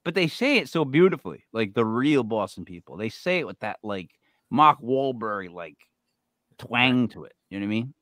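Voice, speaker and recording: A man's voice: medium pitch, expressive, normal speed, fairly bright tone, no echo. Casual male host, loose rambling delivery, middle voice, dry recording. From New England. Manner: rambling, chatty, many fillers and restarts. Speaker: show host. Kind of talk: casual interview chat.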